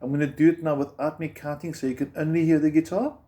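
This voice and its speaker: A man's voice: fairly high pitch, fairly even intonation, quick pace, dark tone. A man teaching beginner guitar step by step, patiently explaining and counting the beats aloud as he strums.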